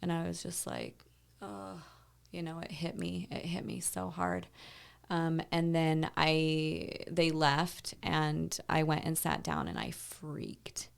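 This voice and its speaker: A woman's voice: deep voice, slow pace, creaky, smooth. A woman in her thirties, a podcast guest, tells a painful personal story in a rambling conversational way, full of "like" and "you know.". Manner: intense, reliving a painful memory.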